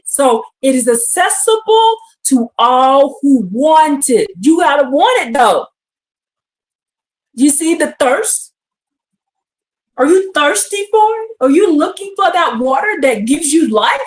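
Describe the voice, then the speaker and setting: A woman teaching scripture on a live stream, reading verses aloud and firing questions at her listeners with excitement. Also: sits high. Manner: animated and exclamatory, reads verses then asks the audience questions. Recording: echoey room.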